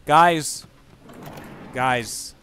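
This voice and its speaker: Bright-voiced man swearing through a game. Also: medium pitch, very slow, a little hiss or hum. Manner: rambling, profane, yelps when startled. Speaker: gaming channel host. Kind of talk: let's play commentary.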